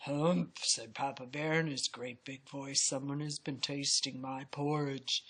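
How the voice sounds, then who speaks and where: A woman voicing a big, gruff father bear with a loud, booming voice for a storybook reading. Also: steady tone, a little slow. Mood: grumbling.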